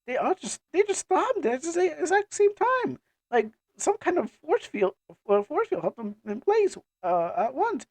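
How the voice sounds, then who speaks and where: A man voicing an anxious, caring young girl in a high falsetto, in a fan comic dub. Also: big pitch swings, a little slow, dry recording, heavily acted. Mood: alarmed.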